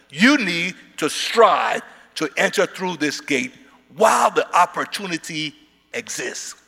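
A preacher delivering an emphatic sermon, repeating words and rising into shouts. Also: male voice, high voice, vocal fry. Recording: hall reverb.

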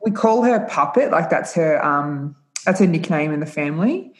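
Low-voiced young woman chatting. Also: moderate pace. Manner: relaxed storyteller, quotes kids in playful voices. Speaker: podcast co-host. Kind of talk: casual chat.

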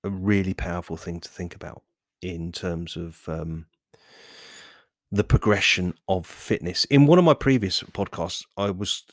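A man's voice: low-pitched, a little slow, dry recording, clean studio sound. A man hosting a fitness podcast, talking in a rambling, self-correcting monologue. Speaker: podcast host.

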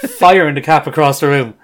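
A man's voice: on the high side, wildly swooping pitch, normal speed, fairly bright tone. A man, joking and laughing in a casual podcast chat. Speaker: podcast co-host.

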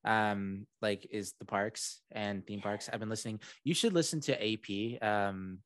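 A man's voice: fairly low pitch, measured pace, fairly bright tone, no room sound. A man hosting a podcast, talking casually and rambling with lots of fillers. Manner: rambling, many fillers and restarts. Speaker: podcast host.

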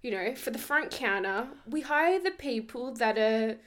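A woman's voice: a little high, unhurried. A young woman, telling stories in a casual chat and laughing often. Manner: animated storyteller, laughs often.

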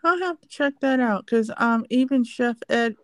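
A woman's voice: a little high, moderate pace, no room sound, clean studio sound. A woman hosting a casual chat, talking at length and listing things one by one. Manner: chatty, lists things at length. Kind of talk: casual chat about food.

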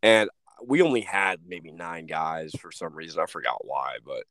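Low-voiced young man telling stories. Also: normal speed, fairly bright tone, no room sound. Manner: rambling, restarts, lots of "like" and swearing. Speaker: podcast guest, former hockey player. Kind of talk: casual storytelling.

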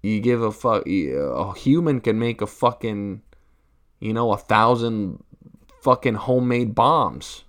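A man's voice: lowish voice, animated, measured pace. A man in a profane stand-up rant, rambling and crude, peppering his talk with rhetorical asides. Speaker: comedian.

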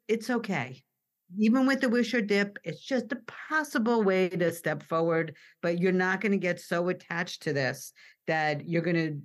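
Woman, lively podcast co-host, acts out family voices, casual. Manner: animated, acts out excited family members with high voices.

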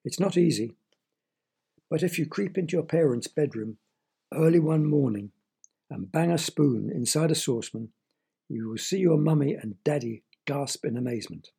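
A man's voice: a little high, lively intonation, normal speed, vocal fry, warm tone, slightly rough. A man telling a children's story, playful and asking the young listeners questions.

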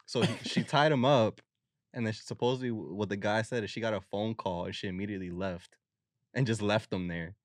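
A young man co-hosting a podcast in casual chat, slangy and quick to laugh. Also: fairly low pitch, dry recording, studio quality. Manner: slangy, laughs often, acts out quick voices. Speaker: podcast co-host.

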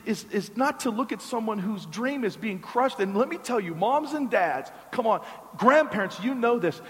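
A man delivers a sermon as a pastor, his voice sitting high for a man. He tells a story conversationally, slips in joking asides and often repeats words. A long reverb from a large hall trails his words.

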